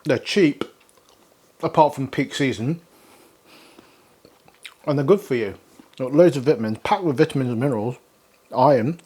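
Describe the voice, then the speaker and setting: A man's voice: on the high side, darkish tone, slightly rough. A man hosting a casual cooking demonstration in a kitchen, chatty and upbeat, with easy laughter. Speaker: cooking show host.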